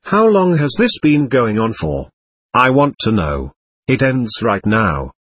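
Man reading an angry snobbish mother, husky, dry, slow scolding. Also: medium pitch, very animated, fairly bright tone, no echo, distant mic, exaggerated voice. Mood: furious. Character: furious snobbish middle-aged mother.

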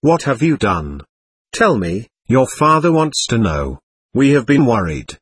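A man's voice: medium pitch, big pitch swings, unhurried, fairly bright tone, breathy edge, dry recording, full character voice. A man reading the lines of an angry, worried mother who scolds her son and demands answers. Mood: scolding.

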